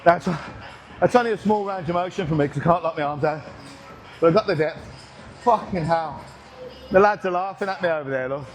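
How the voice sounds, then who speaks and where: A man's voice: fairly high pitch, a little fast, pauses often. A man, talking casually through a workout in a gym, joking, swearing and short of breath between reps. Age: 60s. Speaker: gym vlogger. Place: busy gym with music playing. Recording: gym music in background.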